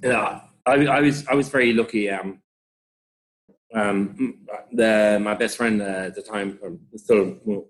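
A man's voice: fairly low pitch, fairly even intonation, unhurried. A middle-aged Irish man telling rambling stories in a casual interview, swearing freely and laughing often. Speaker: interview guest, rugby club founder.

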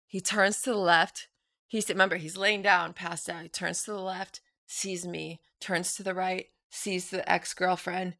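A woman's voice: fairly low pitch, little pitch movement, a little slow, sharp tone, no echo, studio quality. A young woman telling a personal story as a guest in a casual chat. She laughs often and acts out what people said.

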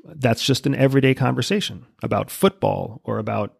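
A man's voice: medium pitch, a little fast, vocal fry, slightly rough, no echo, clean studio sound. A man who is a podcast guest, explaining things confidently in casual interview talk. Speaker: podcast guest, former spy.

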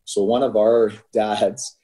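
A man's voice: fairly low pitch, slow pace. A middle-aged man who coaches youth hockey, telling stories in a casual chat and laughing through them, often tagging "right?" onto his lines. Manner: animated storyteller, laughs through anecdotes, frequent "right?".

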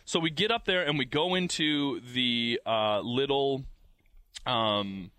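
A man telling a dramatic personal story in casual conversation, acting out the quotes in an animated way. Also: mid-range voice, takes it slowly, clear, resonant tone, no echo. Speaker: guest telling a birth story.

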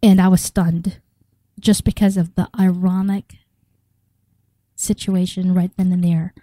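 Middle-aged woman from the Philippines, an interview guest. Animated storyteller who acts out the dialogue. Mellow timbre, dry close sound. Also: on the low side, unhurried, no room sound, rough recording. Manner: animated, acts out quoted dialogue, laughs often. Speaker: guest telling her story. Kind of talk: personal storytelling.

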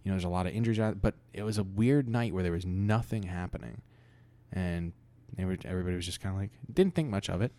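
A man co-hosting a podcast, telling an improvised story in a halting, rambling way with many restarts. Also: low-pitched, mellow, no room sound. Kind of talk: casual improvised storytelling chat.

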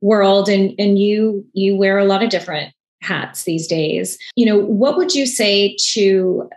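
A woman's voice: medium pitch, measured pace, darkish tone, roomy sound. A middle-aged woman hosting a podcast interview, chatty and enthusiastic, laughing easily as she talks. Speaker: podcast host.

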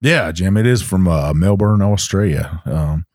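A man's voice: low-pitched, expressive, measured pace, a little mellow. A man with a Southern US accent, co-hosting a podcast in a folksy, rambling way with plenty of fillers. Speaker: podcast co-host. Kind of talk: casual chat.

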